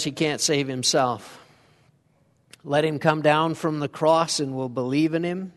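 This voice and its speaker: A man's voice: on the high side, in a large hall. A man preaching a sermon in a conversational way, asking his congregation questions as he goes. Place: church sanctuary.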